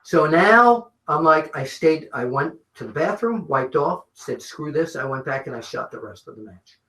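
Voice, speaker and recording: A man's voice: a little high, normal speed. Older man telling stories in an echoey room. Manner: animated storyteller, swears freely. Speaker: interview guest, wrestling journalist. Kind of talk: shoot interview storytelling. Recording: roomy echo.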